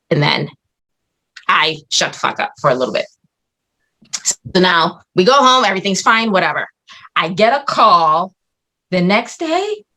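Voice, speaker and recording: A woman's voice: medium pitch, fairly bright tone. A woman guest on a podcast, telling a story in casual chat with blunt, dramatic, profane delivery.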